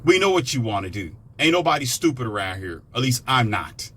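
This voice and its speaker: A man in a sarcastic, animated ranting monologue, now and then jumping into mocking high-pitched impressions. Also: a little fast. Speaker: commentator.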